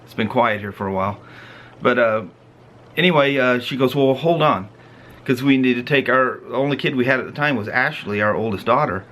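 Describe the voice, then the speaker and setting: A man's voice: mid-range voice, a little fast, a little hiss or hum. A middle-aged man hosting a family vlog, casually telling a story and acting out its moments with laughs. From Pacific Northwest of the US. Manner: animated, laughs and acts out the story. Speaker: vlog host.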